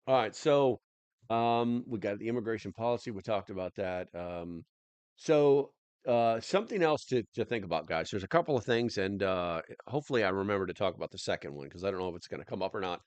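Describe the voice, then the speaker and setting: Rambling low-voiced man hosting a livestream. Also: a little fast, a little mellow, clean tone, no room sound. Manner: rambling, chatty, many fillers and restarts. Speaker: livestream host. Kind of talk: casual livestream chat.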